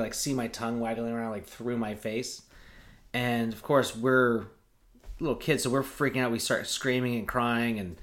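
A man's voice: mid-range voice, bright, forceful tone. A man co-hosting a podcast, telling a childhood story in casual chat, acting out quotes and laughing often. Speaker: podcast co-host.

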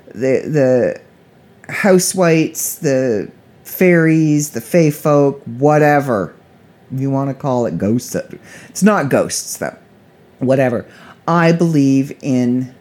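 A woman's voice: low-pitched, warm tone. Chatty middle-aged woman telling a story. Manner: chatty, rambling, frequent restarts. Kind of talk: casual storytelling.

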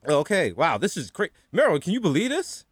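A man's voice: a little high, wildly swooping pitch, a little fast, slightly rough, no echo, studio quality. A man co-hosting a comedy podcast, playing the incredulous straight man with stammering interjections. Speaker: podcast co-host.

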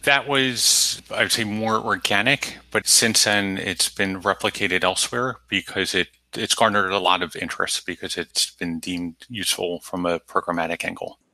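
A man speaks in a low, bright and forward voice as an interview guest. He talks in a measured, orderly way and sets out his points in numbered steps. The sound is close and dry. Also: steady tone, no echo, poor audio. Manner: measured, methodical, lays points out in numbered pillars. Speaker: guest, technology lead at an aid organization. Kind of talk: structured interview answers.

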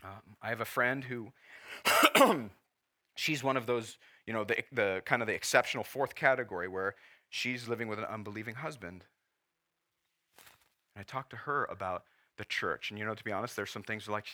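A man's voice: lowish voice, normal speed, sharp tone. A man in his forties preaching a sermon as pastor, earnest and emotional, at times holding back tears. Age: 40s. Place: church.

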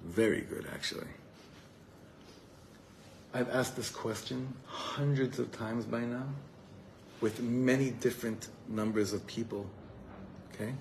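An earnest rabbi speaks to a live evening crowd in a mid-pitched male voice. He talks heartfelt and unscripted, stumbling over repeated words and dropping Hebrew terms as he goes. A faint hum of room noise sits behind him. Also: steady tone, unhurried, vocal fry, long pauses, rough recording. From Los Angeles, USA. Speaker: rabbi giving a talk. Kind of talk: live inspirational talk to a gathering. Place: evening gathering before a live audience.

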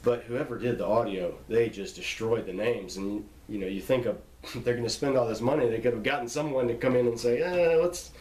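A man's voice: medium pitch, fairly even intonation, brisk, a little mellow. Guy explaining how to say bible names, chatty, lots of um and you know, echoey room. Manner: explanatory, with many fillers and restarts. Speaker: Bible teacher. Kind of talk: casual spoken lesson on pronunciation. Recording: roomy echo.

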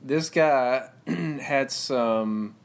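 A man's voice: mid-range voice, drawn-out words, creaky. A man co-hosting a podcast, telling a story in a casual, rambling way and laughing through it. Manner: laughs through his stories, relaxed and rambling. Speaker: podcast co-host.

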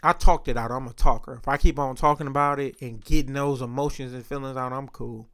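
A man's voice: mid-range voice, steady tone, brisk, fairly bright tone, clean tone. A man talking in a casual monologue, rambling, profane and often interrupting himself.

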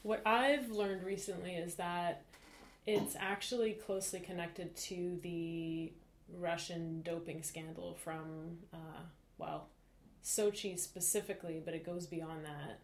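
A woman co-hosting a podcast, explaining things in a casual, talkative way with quick bursts and frequent fillers. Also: lowish voice, fairly even intonation, slight background noise. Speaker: podcast co-host. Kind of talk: casual discussion. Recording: roomy echo.

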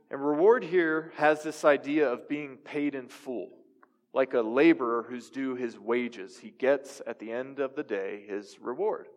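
Young male pastor, mid-pitched, conversational sermon, echoing hall. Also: measured pace. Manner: conversational preaching with audience questions. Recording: reverberant hall.

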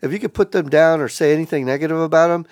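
A man as a podcast guest in casual chat, telling stories in a profane, animated way. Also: on the high side, racing, dry recording, clean studio sound.

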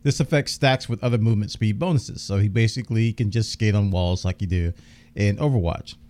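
A man's voice: lowish voice, a little fast, warm tone. A man hosting a gaming news podcast, chatting casually and enthusiastically while reading out details, his voice a bit worn. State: losing his voice, coughing.

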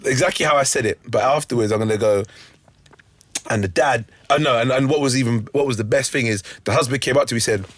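A young man, a comedian guest on a podcast, telling animated stories and laughing often. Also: mid-range voice, fast. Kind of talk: casual podcast chat.

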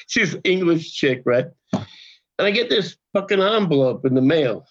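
An older man, an actor guest on a podcast, telling a story in a profane, animated way and acting out the quotes, on a dull lo-fi recording. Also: a little high, unhurried. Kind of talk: casual storytelling. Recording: dull lo-fi sound.

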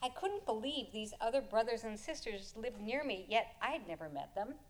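Expressive woman telling a story. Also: on the high side, moderate pace. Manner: expressive, chuckles through the telling. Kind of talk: live personal storytelling.

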